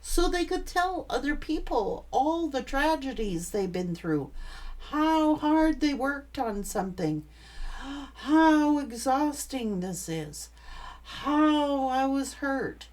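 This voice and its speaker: Slow, blunt woman tarot reader. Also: sits high, very animated, darkish tone. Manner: blunt, emphatic, swears freely. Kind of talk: tarot reading monologue.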